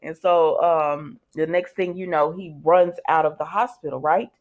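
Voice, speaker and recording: A woman's voice: deep voice, fairly even intonation, moderate pace, a little mellow. Chatty woman recapping a soap episode. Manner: rambling, many fillers and restarts, chatty asides. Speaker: soap opera recap vlogger. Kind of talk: casual recap chat.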